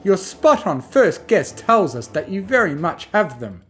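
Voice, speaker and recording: A prim, refined unicorn lady, haughty and theatrical, as a male narrator puts her on. Her voice sits high and swoops with lively inflection. This is storybook reading with faint music underneath. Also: measured pace. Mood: indignant. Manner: haughty, exclamatory.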